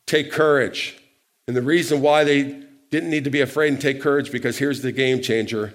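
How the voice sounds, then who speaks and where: A man preaching a sermon, asking the congregation questions and calling for responses, with loudness shifting for emphasis. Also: mid-range voice, fairly even intonation, brisk. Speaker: pastor.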